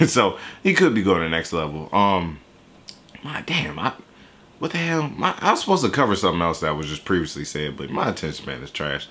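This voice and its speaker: A young man reacting to music in casual, animated commentary. His lowish voice has a bright, sharp edge. It leaps wildly up and down as he jokes and breaks into squeaky impressions. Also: a little fast.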